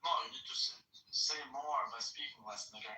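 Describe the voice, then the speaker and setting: A man's voice: mid-range voice, brisk, sharp tone, a little hiss or hum. A man on a podcast, trading profane, taunting insults in casual banter. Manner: profane, taunting trash talk. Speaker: podcast guest. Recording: echoey room, distant mic.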